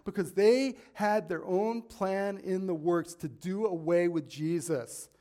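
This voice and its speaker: Male pastor, sermon delivery, earnest with emphatic peaks, slightly high-pitched. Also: takes it slowly, mellow. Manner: earnest, rising to emphatic peaks, with asides and paraphrases.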